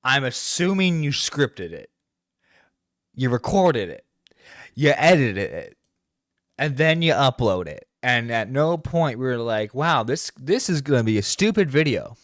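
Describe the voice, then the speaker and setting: A man's voice: medium pitch, sing-song, a little slow, a bit bright, dry recording, clean studio sound. A man streaming a reaction to a video, swearing and exasperated, stumbling over his words. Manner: profane, exasperated, stammering. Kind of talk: reaction commentary. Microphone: close streaming mic.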